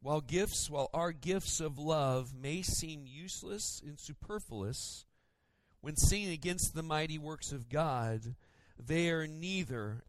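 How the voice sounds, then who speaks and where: A male pastor preaching a sermon, storytelling in an animated way with playful mimicry. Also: medium pitch, no room sound.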